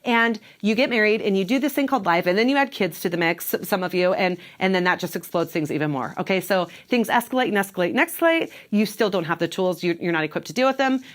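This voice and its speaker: A woman's voice: mid-range voice, animated, fast, few pauses. A woman who works as a divorce coach, giving emphatic advice straight to camera and checking in with "okay?" and "right?". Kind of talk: direct-to-camera advice talk.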